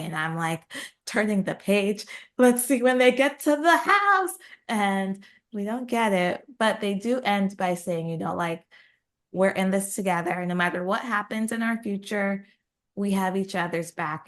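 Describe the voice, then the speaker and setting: A woman co-hosting a book podcast, retelling a story in a lively, animated way and jumping higher to voice characters. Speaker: podcast co-host. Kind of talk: casual book chat.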